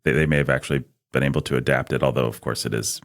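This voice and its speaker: A man's voice: extremely low pitch, fairly even intonation, rapid-fire. A man co-hosting a podcast, chatting casually about books, rambling with restarts. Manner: rambling, restarts, reads patron names. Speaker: podcast co-host. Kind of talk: casual book discussion.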